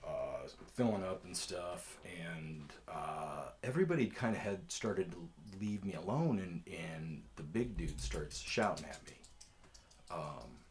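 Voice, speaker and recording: Low-voiced rambling man telling stories. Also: lively intonation, unhurried. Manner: rambling, profane, laid-back. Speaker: storyteller. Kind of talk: casual storytime.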